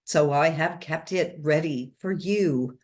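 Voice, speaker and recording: A woman's voice: deep voice, slow. A woman reading aloud and voicing an unhinged, grieving older woman who speaks passionately and entreatingly. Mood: feverish. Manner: passionate, entreating, a little wild. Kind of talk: storybook reading.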